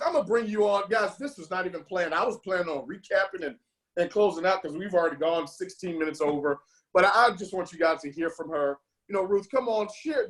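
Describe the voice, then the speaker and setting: A man's voice: high voice, a bit bright. A man leading a team video call, rambling with many fillers and restarts, and turning fervent and emotional. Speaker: team leader hosting a call. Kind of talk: motivational call talk.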